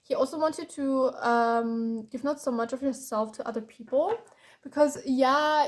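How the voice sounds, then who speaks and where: A woman's voice: fairly high pitch, darkish tone. A woman from Germany giving a tarot reading, tired and openly frustrated, with sighs and frequent restarts. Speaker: tarot reader.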